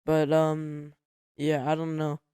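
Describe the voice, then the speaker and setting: A young man co-hosting a podcast, laid-back, giving short replies and quick jokes in casual chat. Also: fairly high pitch, monotone, warm tone, clear, resonant tone, no echo, studio quality. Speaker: podcast co-host.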